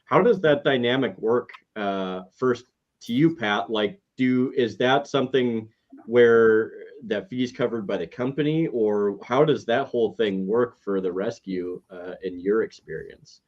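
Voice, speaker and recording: A man asking a panel question with a halting, searching delivery. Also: on the low side. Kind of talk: casual panel talk. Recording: dull lo-fi audio.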